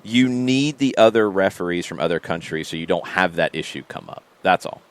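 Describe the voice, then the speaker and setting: A man co-hosting a casual soccer podcast, emphatic and opinionated, quick to push back. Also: low voice, lively intonation. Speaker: podcast co-host. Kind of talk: casual sports talk.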